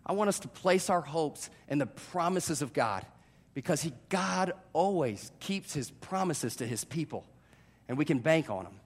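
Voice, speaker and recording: Man in his thirties, pastor preaching, high voice, animated and self-deprecating, talks straight to the congregation. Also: moderate pace, slightly rough. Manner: animated, self-deprecating storytelling with direct audience address. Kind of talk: sermon.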